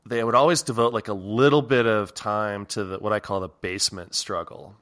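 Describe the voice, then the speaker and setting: A man's voice: fairly low pitch, fairly even intonation, brisk, a bit bright. A man hosting a podcast, chatting casually and telling a rambling story with lots of laughs. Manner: rambling, laughs a lot, restarts. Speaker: podcast host.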